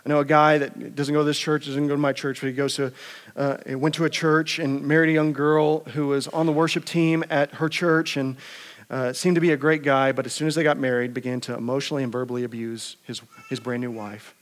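A pastor preaching a conversational sermon, asking rhetorical questions and often repeating words. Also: male voice, medium pitch, little pitch movement, a little fast.

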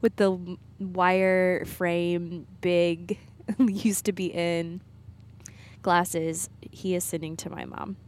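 A woman's voice: lowish voice, little pitch movement, slow pace, darkish tone. A woman podcast co-host chatting casually on her own from a parked car, rambling and laughing at herself. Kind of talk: casual solo chat.

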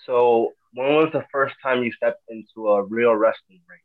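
A man's voice: mid-range voice, steady tone, moderate pace, dry recording, narrow, tinny audio. A man interviewing a guest casually, with brief, upbeat acknowledgements between questions.

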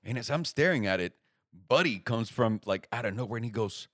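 A young man telling a story in casual chat, lively and swearing freely, acting out the other people's lines. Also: mid-range voice, fairly quick, no room sound, studio quality. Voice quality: animated storyteller, swears freely, acts out quoted voices.

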